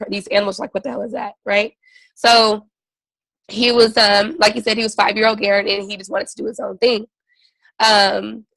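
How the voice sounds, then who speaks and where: A woman retelling a story on a call in a loose, animated way, full of "like" and "right", acting out what others said. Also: fairly high pitch, vocal fry, dry recording, poor audio. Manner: animated retelling, acts out quotes, many fillers like "like" and "right". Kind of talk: casual storytelling on a team call.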